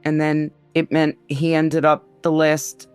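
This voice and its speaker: Grieving woman in her sixties, smooth voice. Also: deep voice, completely flat delivery, darkish tone, soft background music. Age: 60s. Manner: slow, grief-laden retelling, quoting others' words. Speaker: interviewee. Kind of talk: personal testimony.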